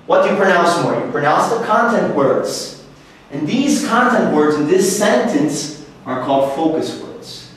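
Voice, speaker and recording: A man's voice: fairly high pitch, animated, normal speed. A man teaching English in a classroom, asking the class questions and repeating example sentences. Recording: very echoey room, from far off.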